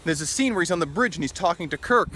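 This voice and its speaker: A man's voice: high voice, expressive, fast talker, bright, forceful tone, slight background noise. Rambling, opinionated man vlogging outdoors. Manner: rambling, opinionated, chuckles often. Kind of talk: casual opinion vlog. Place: outdoors in a city.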